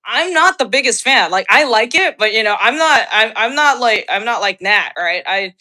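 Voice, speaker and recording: A woman hosting a podcast in casual chat, excitable, laughing often and restarting her sentences. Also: fairly high pitch, moderate pace. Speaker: podcast host.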